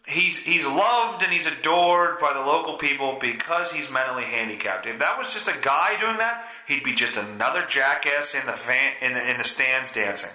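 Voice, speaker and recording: A man's voice: fairly high pitch, bright, forceful tone, roomy sound, poor audio. A man with a stuffy nose hosting a solo podcast, rambling, swearing and mocking himself. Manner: rambling, profane, self-mocking. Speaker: podcast host.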